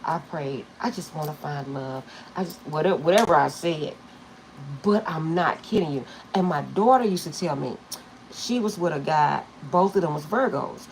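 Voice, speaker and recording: Low-voiced chatty middle-aged woman. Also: lively intonation, moderate pace, creaky, a little hiss or hum, rough recording. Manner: rambling, chatty, laughs often. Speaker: tarot reader. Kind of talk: casual storytelling to viewers.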